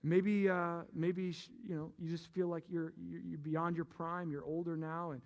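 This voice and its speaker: A man preaching a sermon as pastor, animated and playful, teasing the congregation and calling for amens. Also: fairly high pitch, moderate pace, gravelly.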